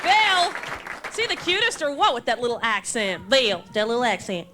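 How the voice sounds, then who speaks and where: A woman's voice: a little high, big pitch swings, a little fast, heavy background noise. A woman with a New York accent doing brash, self-mocking stand-up comedy on stage. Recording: live club with loud crowd laughter.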